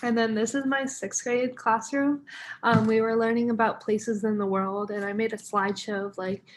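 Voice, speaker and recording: A woman's voice: a little high, little pitch movement, moderate pace, slight background noise. Chatty young woman teacher vlogging. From United States. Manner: chatty, many fillers, laughs often. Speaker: English teacher. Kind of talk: casual vlog narration.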